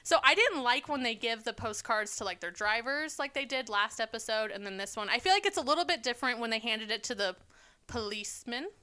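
Bright, clear-voiced chatty woman. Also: on the high side, animated, a little fast. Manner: chatty, laughs often, goes off on tangents. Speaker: podcast co-host. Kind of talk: casual chat.

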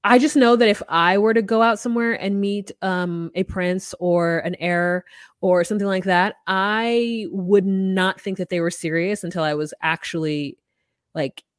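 A woman's voice: lowish voice, no echo, clean studio sound. Blunt, sweary American woman. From United States. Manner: blunt, sarcastic, swears freely. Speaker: podcast co-host. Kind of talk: casual chat.

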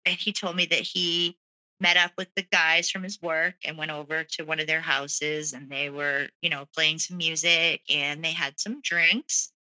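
Her voice sits low and moves a little slowly, with fairly even intonation and a bright, forceful tone. She's a guest earnestly sharing a personal story, candid and full of "like" and "you know." The recording quality is low.

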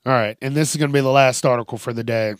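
A man's voice: mid-range voice, steady tone, racing, no echo, clean studio sound. A male host giving comedic news commentary, profane and mocking, laughing often.

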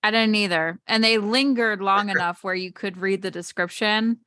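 A woman's voice: medium pitch, normal speed, sharp tone, no room sound. A woman guest podcaster in casual chat, laid-back and unsure of herself.

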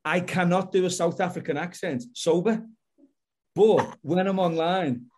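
A man's voice: high voice, measured pace, a little mellow. A man, a guest author, chatting casually in a loose, stumbling way, repeating himself as he talks. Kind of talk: casual chat.

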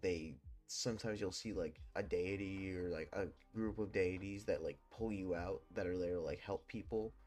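Rambling low-voiced young man telling ghost stories. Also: moderate pace, hardly any pauses, darkish tone, faint music behind. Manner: rambling, heavy swearing and fillers. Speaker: podcast host. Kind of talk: casual storytelling.

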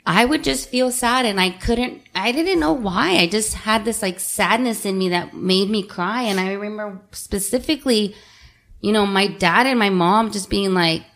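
A woman's voice: medium pitch, moderate pace, a bit bright. A woman in her thirties, a single mother, talking candidly and emotionally about parenting in a casual podcast chat. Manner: candid, emotional, talks things out.

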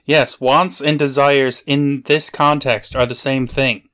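A man's voice: medium pitch, steady tone, takes it slowly, fairly bright tone. Male co-host: dry, brief interjections, casual. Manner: dry, short agreeing remarks. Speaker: podcast co-host. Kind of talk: casual chat.

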